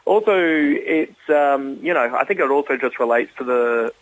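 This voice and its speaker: A man's voice: medium pitch, normal speed, lo-fi sound. A man as an interview guest, talking casually and hesitantly with many fillers. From Australia. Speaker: guest comedian.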